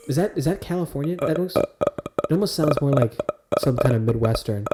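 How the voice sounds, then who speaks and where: A man's voice: medium pitch, expressive, brisk, mellow. A man hosting a casual comedy podcast, joking around and trying out silly put-on accents. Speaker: podcast host.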